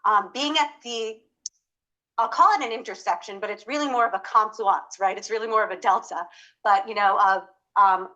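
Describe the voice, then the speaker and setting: Woman panelist in her 40s, bright, chatty delivery full of "um"s and restarts. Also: mid-range voice, moderate pace, dull audio. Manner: conversational, with many fillers and self-corrections. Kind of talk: conference panel talk. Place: conference panel.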